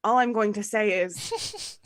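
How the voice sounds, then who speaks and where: A woman's voice: mid-range voice, slow pace. Wry woman joking about a film. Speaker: podcast co-host. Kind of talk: casual movie review chat.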